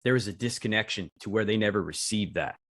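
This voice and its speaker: A low-voiced man hosts a podcast, answering his guest in a reflective, encouraging way. The recording is dry and close, with no room echo. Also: quick pace, a bit bright. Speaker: podcast host. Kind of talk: podcast interview.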